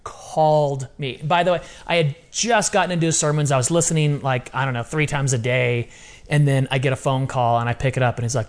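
A middle-aged man talking as a podcast guest in casual interview chat, animated and repeating phrases for emphasis. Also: on the high side, fast. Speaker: podcast guest, ministry founder.

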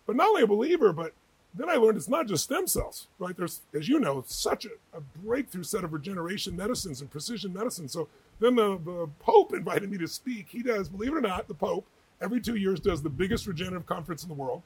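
A husky-voiced man speaks as an interview guest, racing through his stories with energy and emphasis. His pitch sits a touch above the usual for a man, and he rarely pauses. He tells each story with conviction. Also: very animated, poor audio. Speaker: guest author.

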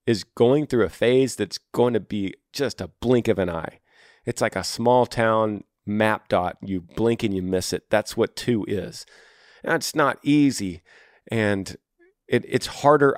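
A man's voice: fairly low pitch, a little mellow, no echo. A middle-aged man hosting an advice podcast, talking earnestly and encouragingly in a folksy, casual way, close to the microphone. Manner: earnest, encouraging, folksy, calls listener brother. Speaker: podcast host. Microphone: close studio microphone.

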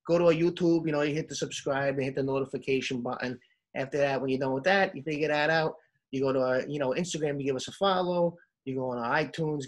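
A man putting on a New York accent as a pushy, slangy guy plugging the show's pages in a comic bit. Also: close to an everyday voice. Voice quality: streetwise, slangy, pushy sales pitch.

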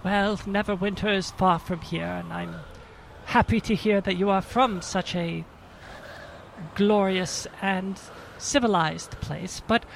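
A self-righteous prison guard who stammers through lectures and threats, as a man puts him on for a tabletop game. His voice sits high with a gravelly fry underneath, and faint noise hums behind it. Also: fairly even intonation, takes it slowly, full character voice, rough recording. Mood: stiffly polite. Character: pompous stammering male prison guard, middle-aged. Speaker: game master. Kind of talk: in-character tabletop role-play.

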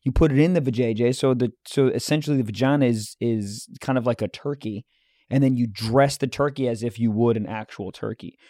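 A man's voice: mid-range voice, fairly quick, mellow, no echo, studio quality. Brash, profane man riffing on a podcast. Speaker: podcast co-host. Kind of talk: crude comedy podcast banter.

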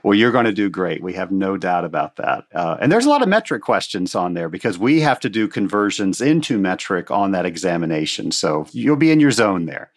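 A man's voice: deep voice, big pitch swings. A man from the United States hosting an interview podcast, asking questions and encouraging his guest. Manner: encouraging, asks quick questions. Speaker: podcast host.

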